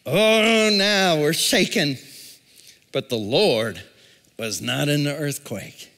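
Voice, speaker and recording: A male pastor preaching a sermon, calling out to the congregation and swinging from shouts to a near-whisper. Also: a little high, very animated, takes it slowly, vocal fry. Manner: call-and-response preaching. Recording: long reverb in a large hall.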